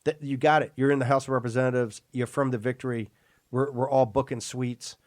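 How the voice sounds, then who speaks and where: A man's voice: medium pitch, fairly even intonation, fairly quick, no echo, clean studio sound. A man hosting a political talk radio show, emphatic and rambling, often repeating and restarting words.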